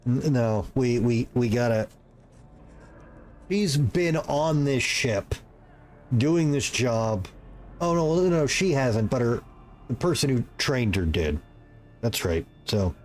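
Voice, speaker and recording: A man streaming a game playthrough, reading the game's text aloud and adding casual, halting asides. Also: mid-range voice, animated, darkish tone, soft background music.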